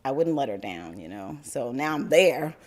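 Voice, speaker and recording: An older woman from New York telling a personal story to an audience, animated and often laughing. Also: a bass voice, normal speed.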